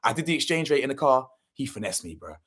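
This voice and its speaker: A man's voice: mid-range voice, big pitch swings, fast, fairly bright tone. A young man, telling a story casually and animatedly, full of slang and swearing, acting out what people said. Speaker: channel host.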